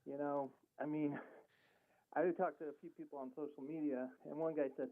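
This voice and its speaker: A man calls in to a talk radio show, and his slightly high voice comes through a thin, phone-like line. He argues his point earnestly and acts out the conversations he has had. The sound is dry and boxy. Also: fairly even intonation, moderate pace, no echo. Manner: earnest, argumentative, retells conversations. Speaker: caller.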